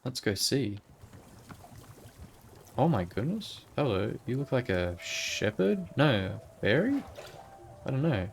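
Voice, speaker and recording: A woman's voice: extremely low pitch, big pitch swings, slow pace, creaky, pauses often, slight background noise. A woman playing a video game and giving casual, playful commentary with murmured asides. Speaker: let's play gamer.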